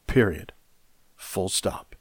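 A male pastor preaching a sermon with deliberate, emphatic phrasing and pointed pauses. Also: dry recording, clean studio sound.

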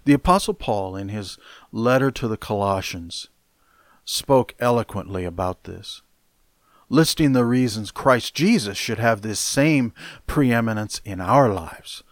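A male pastor delivers his sermon slowly and deliberately, leaning hard on key words. His voice sits low, and the sound is dry and close with no room around it. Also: expressive, dry recording. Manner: deliberate, emphatic preaching.

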